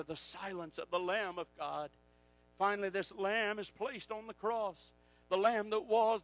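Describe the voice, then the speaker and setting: A man preaching a sermon, swinging from hushed passages to shouted climaxes. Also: extremely high pitch, rough recording.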